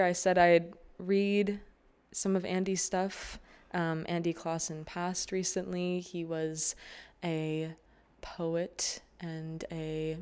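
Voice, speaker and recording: A young adult woman hosting an open mic, chatting haltingly with many fillers before reading a poem aloud. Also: lowish voice, creaky, clear, resonant tone. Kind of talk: casual stage introduction and poetry reading.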